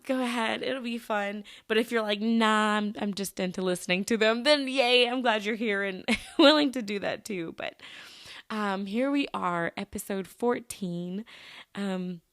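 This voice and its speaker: A bubbly young woman hosts her solo podcast, chatting casually and laughing often as she talks. Her voice sits at an ordinary pitch for a woman. It is recorded close and dry, with no room sound around it. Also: fairly bright tone, no room sound. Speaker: podcast host.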